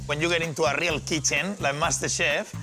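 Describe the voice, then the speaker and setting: A man's voice: a little high, a little fast, music in the background. A man hosting a cooking segment on TV, chatting playfully with a guest and laughing often. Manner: teasing, laughs often, animated. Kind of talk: playful on-air chat while cooking.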